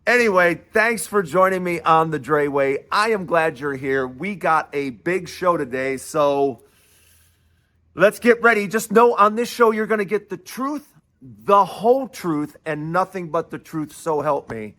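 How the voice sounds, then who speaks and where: A man's voice: a little high, lively intonation, measured pace, sharp tone. A man hosting his own commentary show, talking casually with restarts, asides and mocking repeated lines. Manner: talkative, restarts phrases, self-deprecating asides. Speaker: host of a political commentary show.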